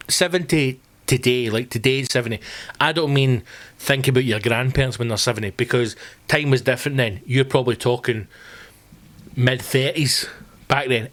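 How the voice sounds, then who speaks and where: A man's voice: mid-range voice, fairly bright tone. A Scottish man hosting a podcast, ranting in a sweary, rambling comic way. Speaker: podcast host. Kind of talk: comedic podcast rant.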